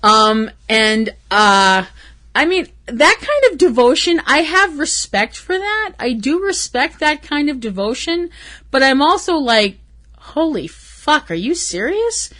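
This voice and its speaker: A woman's voice: sits high, sing-song, measured pace, fairly bright tone. A woman hosting a podcast, chatting casually and rambling, swearing freely and laughing often. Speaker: podcast host. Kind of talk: casual solo podcast chat.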